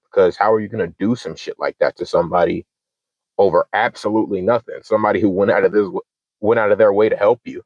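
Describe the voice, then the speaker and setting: Brief: deep-voiced guy in his twenties, casual profane rant, lo-fi dry mic. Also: steady tone, fast, dry recording. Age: 20s. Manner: heated, profane, acts out both sides of arguments. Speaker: channel host.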